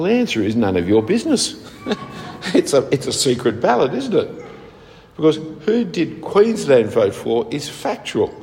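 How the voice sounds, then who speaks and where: A man's voice: medium pitch, darkish tone. A man preaching a sermon in a conversational way, often asking rhetorical tag questions. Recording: long hall reverb.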